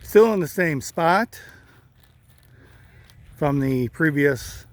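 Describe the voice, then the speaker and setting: A man vlogging casually, talking slowly and rambling with a slight lisp, from inside a vehicle. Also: on the high side, animated, dry recording. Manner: slow, rambling, many uh fillers. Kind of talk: casual vlog talk.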